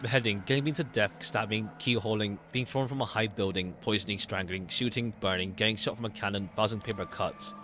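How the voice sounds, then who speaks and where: A man's voice: on the low side, steady tone, a little fast, few pauses, pushed and bright, slight background noise. A man streaming a story game, reading its dialogue aloud and switching between characters.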